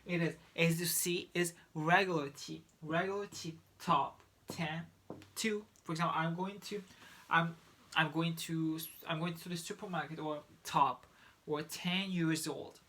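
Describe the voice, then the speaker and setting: A man from Turkey with a Turkish accent, a native Turkish speaker teaching English pronunciation in a halting way, with many restarts. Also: a little high, fairly even intonation, bright, forceful tone. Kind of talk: online lesson.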